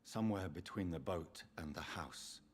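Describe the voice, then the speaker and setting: A man's voice: low-pitched, normal speed, close to an everyday voice. An actor voicing a somber, guilt-ridden undead son speaking earnestly and tenderly to his mother in a game. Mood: sorrowful. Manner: earnest and restrained. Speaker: game protagonist. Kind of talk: video game voice acting.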